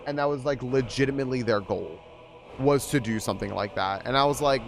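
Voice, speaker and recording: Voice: medium pitch, brisk, vocal fry, faint music behind. A young adult live streamer chatting casually with viewers, giggling often, swearing freely and rambling through restarts.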